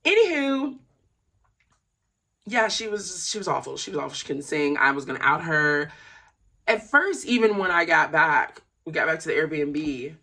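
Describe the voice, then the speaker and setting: A vlogger rambling in a casual monologue, drifting between low mumbles and loud laughing outbursts. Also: expressive, normal speed, gravelly.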